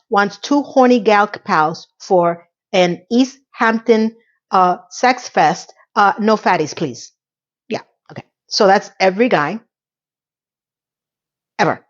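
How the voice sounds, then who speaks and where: A middle-aged woman recapping a TV episode in a casual vlog, chatty and sarcastic, with plenty of offhand asides. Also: mid-range voice. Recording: slightly dull lo-fi audio.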